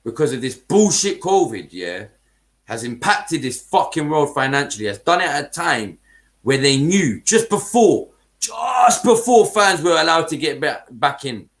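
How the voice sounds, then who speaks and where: A man's voice: on the high side, big pitch swings, measured pace, a bit bright. A man hosting a football podcast, ranting heatedly in casual chat, swearing and using heavy street slang.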